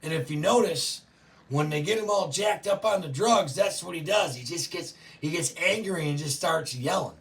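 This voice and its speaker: Ranting man, gravelly voice, fairly high pitch, profane and loud, distant from the mic. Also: moderate pace. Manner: profane, ranting, frequently yelling. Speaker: show host. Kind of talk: political rant to live chat.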